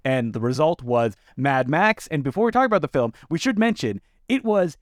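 A man co-hosting a film podcast in casual chat, his voice fairly high and full of lively swings in pitch. He talks with wry, animated asides. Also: moderate pace, few pauses, no room sound, clean studio sound. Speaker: podcast co-host.

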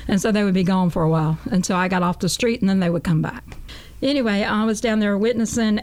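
A woman's voice: mid-range voice, fast talker, darkish tone. A woman guest on a talk show, telling her testimony in an earnest, folksy way and often repeating "I said.". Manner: earnest, folksy storytelling with a lot of "I said".

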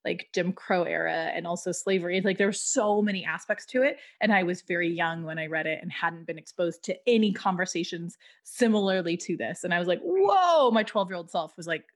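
Podcast host lady, bit of a spanish accent, lowish voice, effusive casual chat. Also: fairly even intonation, fairly quick, few pauses. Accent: Spanish-influenced English. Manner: warm, effusive, enthusiastic praise.

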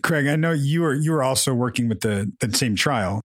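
A man's voice: medium pitch, lively intonation, brisk, no echo. A man hosting a podcast, steering the conversation with rambling questions. His voice sounds dry and close, with no room around it. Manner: guiding questions, loose phrasing. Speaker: podcast host.

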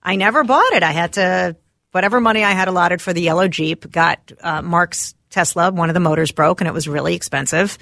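A woman co-hosting a radio show, answering listener letters in casual banter, animated and quick to exclaim. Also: on the low side, gravelly, no room sound, studio quality. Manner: animated, laughs often, exclaims in disbelief. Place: radio studio.

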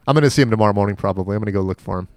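A man's voice: lowish voice, rapid-fire, darkish tone, no room sound, clean studio sound. A man co-hosting a casual comedy podcast, telling a rambling story and acting out the people in it. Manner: rambling storyteller, acts out the people in his stories. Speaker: podcast co-host.

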